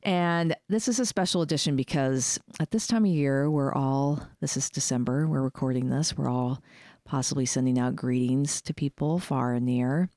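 A woman's voice: a bass voice, fairly even intonation, moderate pace, warm tone, no echo, studio quality. A woman hosting a library podcast in a casual, chatty way, laughing easily. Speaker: podcast host. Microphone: studio microphone.

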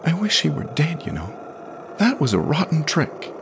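A man voicing a clingy, tearful shape-shifting boy creature in a high pleading voice, for an audio story. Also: huge pitch swings, moderate pace, noisy background. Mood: petulant.

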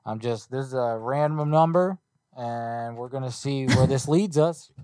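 Field: man. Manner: profane joking streamer. Tone: mellow. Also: mid-range voice, smooth, no room sound. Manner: profane, joking, quick asides. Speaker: streamer making prank calls. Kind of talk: casual live-stream chat.

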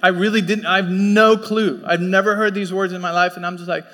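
A pastor preaching a sermon in a conversational, storytelling way, slipping into quoted voices. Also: male voice, high voice, little pitch movement, a little fast, bright, forceful tone. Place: church sanctuary. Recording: long church hall reverb.

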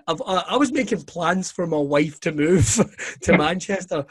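A man from Scotland, a guest telling animated, profane stories in casual chat. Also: on the high side, moderate pace, slightly rough. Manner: profane, animated anecdotes with laughter. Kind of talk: casual storytelling.

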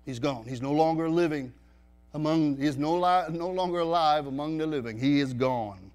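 A man's voice: a little high, normal speed, darkish tone. A male pastor preaching a sermon in a church, pressing the congregation with rhetorical questions and emphatic repetition.

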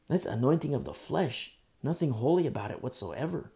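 A man preaching a sermon as pastor, emphatic and repetitive, swinging between loud bursts and hushed asides. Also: mid-range voice, big pitch swings, brisk, vocal fry. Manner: repetitive, with frequent fillers.

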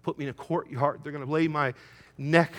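A middle-aged male pastor preaching a sermon, swelling to loud emphatic peaks and telling a folksy story about his son. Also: fairly high pitch, steady tone, brisk.

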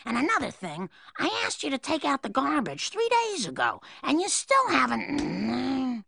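A woman voicing a patient, nagging middle-aged cartoon mother with a raspy, gravelly voice. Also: sits high, wildly swooping pitch, a little slow, pushed and bright, slight background noise, heavily acted. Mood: chiding.

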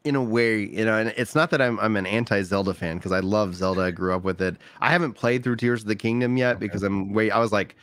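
A man's voice: on the low side, quick pace, few pauses, fairly bright tone, dry recording. A man with a light Texan accent, co-hosting a podcast, chatting casually and laughing often as he jokes. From United States. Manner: laughs often, loose joking delivery. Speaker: podcast co-host and stand-up comedian. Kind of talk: casual chat.

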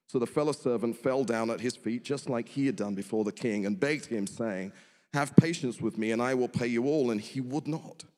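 A man preaching a sermon, earnest, asking the congregation rhetorical questions. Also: medium pitch. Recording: long hall reverb.

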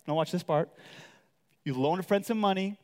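A man preaching a sermon to a live audience, animated and acting out quoted voices. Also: normal speed, big-room sound. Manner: animated, acts out quotes with big pitch jumps. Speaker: pastor. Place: large hall with audience.

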